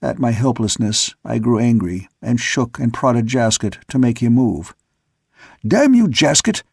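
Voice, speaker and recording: A male audiobook narrator reads in a measured storytelling manner. His voice is gravelly and husky, sitting at an ordinary pitch. The sound is close and dry, from a studio mic. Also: steady tone, a little mellow, dry recording. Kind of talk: scripted narration.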